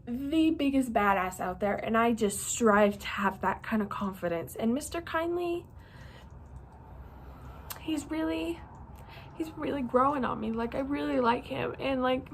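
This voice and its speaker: A young woman with a fairly high voice chats about her reading in a bubbly, rambling way, stringing thoughts together with lots of "like". She sounds sleepy and yawns between thoughts. A faint room hiss sits under her voice. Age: young adult. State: sleepy, yawning. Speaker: reading vlogger. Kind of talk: casual chat.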